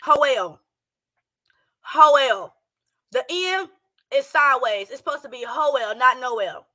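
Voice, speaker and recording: A high, bright woman's voice, ranting brashly and cursing as she reacts to a clip. She talks in loud bursts, then drops low and quiet. It is a casual commentary voice, recorded at home. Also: expressive, slow pace. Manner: brash, profane, heated ranting. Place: home, a townhouse. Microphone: streaming setup with speakers playing a clip.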